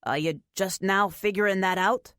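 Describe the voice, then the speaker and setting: An earnest, awkward young special agent, as a woman narrating an audiobook voices him, dropping a little lower than her usual voice. He sounds flustered and guarded, recorded close and dry. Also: moderate pace, a bit bright, smooth, dry recording, lightly acted. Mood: wry. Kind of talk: audiobook character voice.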